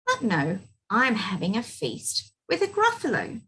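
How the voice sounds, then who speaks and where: A woman voicing a small, clever, boastful male mouse in a storybook reading, bright and bold. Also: on the high side, huge pitch swings, unhurried, slightly rough, full character voice, rough recording. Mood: sly.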